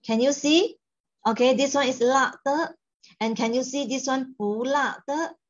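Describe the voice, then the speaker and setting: A woman with a Malaysian accent leads a Mandarin lesson, switching between English and Mandarin as she explains each word. She speaks slowly with a slightly husky voice. The recording sounds dull and lo-fi. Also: sits high. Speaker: Mandarin teacher. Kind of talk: language lesson.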